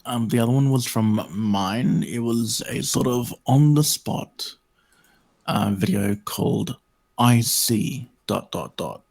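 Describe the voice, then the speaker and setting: Guy with a raspy voice chatting on a call, swears to make a point. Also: medium pitch, slow pace, darkish tone. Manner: emphatic, swears for stress. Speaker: guest. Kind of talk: casual chat.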